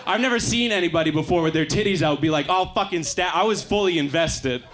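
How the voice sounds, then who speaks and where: Young man doing deadpan stand-up. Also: a little high. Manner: deadpan, quick asides. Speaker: stand-up comedian. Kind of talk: stand-up set. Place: comedy club stage. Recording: live club recording with faint crowd noise. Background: faint audience laughter.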